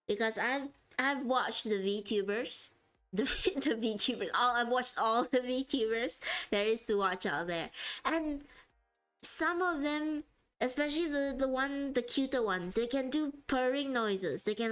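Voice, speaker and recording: A woman with a slightly high, fairly bright voice livestreams herself drawing. She chats casually with her viewers, giggling a lot and often laughing in the middle of sentences.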